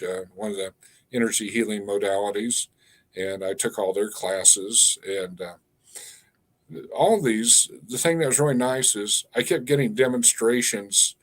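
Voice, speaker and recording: Man in his 60s, low-pitched, halting storyteller who leans on fillers and restarts his phrases. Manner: halting, with frequent fillers and repeated words. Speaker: guest, energy healer. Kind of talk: storytelling in a conversational interview.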